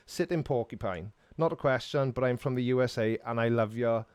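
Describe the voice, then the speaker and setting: A middle-aged man with a Welsh accent hosts a casual live-stream Q&A, reading viewer comments aloud and answering them in a chatty, self-mocking way. His voice sits at an ordinary middle pitch. The sound is dry and close, with no room echo. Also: a little fast, a little mellow, clean tone. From Wales.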